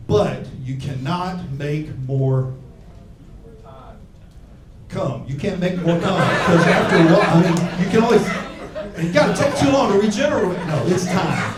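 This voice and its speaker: A man from Alabama, doing a crude, brash stand-up set on a club stage with a handheld mic. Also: fairly high pitch. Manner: crude, brash, shouting punchlines. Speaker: stand-up comedian. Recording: roomy club sound from far off.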